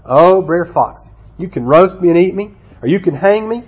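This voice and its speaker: A man's voice: a little high, lively intonation, a little slow, slightly rough, highs cut off. A man voicing a sassy, clever male rabbit trickster, pleading in mock desperation, as a story told within a sermon.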